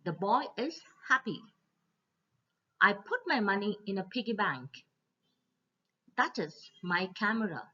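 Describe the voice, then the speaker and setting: Slow, bright-voiced woman teaching grammar. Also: medium pitch, breathy edge. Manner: slow, repeats each rule. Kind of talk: slide-based grammar lesson. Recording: dull lo-fi voice recording.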